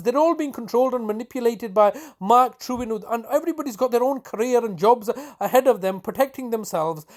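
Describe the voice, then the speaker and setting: A man's voice: very high-pitched, brisk, few pauses. A man with a British accent delivering an angry, accusing monologue, sarcastic and stumbling over restarts. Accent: British English. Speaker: complaining relative.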